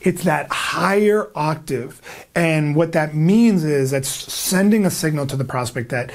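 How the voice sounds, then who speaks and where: A man giving a sales training lesson, emphatic and energetic, acting out prospects' replies. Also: a little high, unhurried. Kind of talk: instructional talk to camera.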